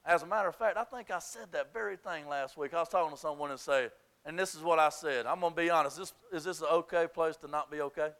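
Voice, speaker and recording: A male pastor preaching in an emphatic, conversational way, at times confessional. His voice sits high and sounds sharp and bright. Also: quick pace. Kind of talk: sermon.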